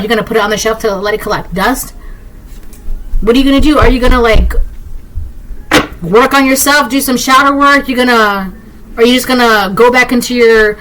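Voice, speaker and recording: Woman, tarot reader, higher voice, blunt, emphatic, repeats herself, talks straight to viewers. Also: a bit bright, poor audio. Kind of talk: collective tarot reading.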